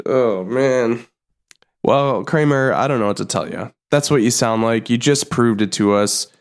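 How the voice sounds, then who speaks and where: A man's voice: medium pitch, unhurried, clear, resonant tone. A young man co-hosting a comedy podcast, playful and mock-indignant, often laughing. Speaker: podcast co-host. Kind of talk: casual comedy chat.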